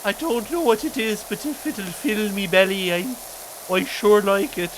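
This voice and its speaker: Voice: medium pitch, normal speed, voice pushed up, lightly acted. A streamer voicing a starving, naive poor Victorian boy. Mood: eager. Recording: hissy stream audio, spray noise.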